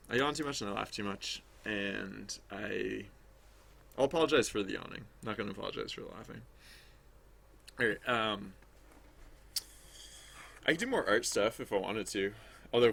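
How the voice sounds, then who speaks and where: Gravelly, bright-voiced man thinking aloud. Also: lowish voice. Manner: rambling, thinking aloud with many restarts. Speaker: game developer streaming his work. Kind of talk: casual livestream commentary while working.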